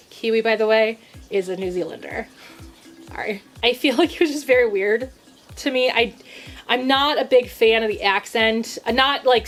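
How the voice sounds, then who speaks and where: A young adult woman vlogging in a chatty, enthusiastic, rambling way, with frequent restarts. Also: a little high. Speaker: YouTuber ranking TV characters. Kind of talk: casual chat to camera.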